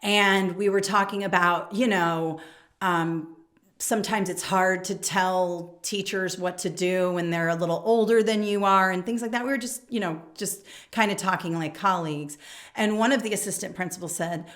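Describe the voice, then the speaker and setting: A woman's voice: on the low side, fairly even intonation, normal speed, fairly bright tone. Direct, emphatic woman coach. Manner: direct and emphatic, reads example emails aloud. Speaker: education coach. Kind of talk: instructional talk to camera.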